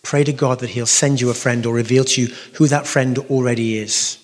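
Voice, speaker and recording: A man's voice: medium pitch, fairly even intonation, fairly quick, big-room sound. A man with a London accent gives a Catholic talk and answers audience questions in an earnest, direct way, often restarting his sentences and poking fun at himself. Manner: earnest, direct, self-mocking, frequent restarts. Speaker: Catholic speaker.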